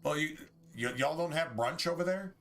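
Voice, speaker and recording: Bright-voiced, profane streamer. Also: male voice, on the high side, normal speed, a little hiss or hum. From United States. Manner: rambling, profane, opinionated. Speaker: game streamer. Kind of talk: casual livestream chat.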